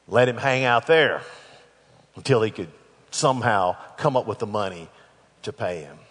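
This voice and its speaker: A man preaching a sermon, dramatically acting out scripture dialogue with big swings in loudness. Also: fairly low pitch, animated, normal speed, breathy edge. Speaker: pastor. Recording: echoey hall.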